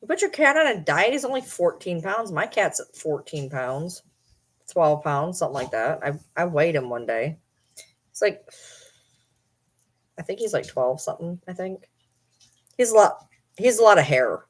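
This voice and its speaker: Woman vlogger at home, lowish voice, teasing baby talk to her dogs. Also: expressive, moderate pace, pauses often. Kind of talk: casual chat with her dogs.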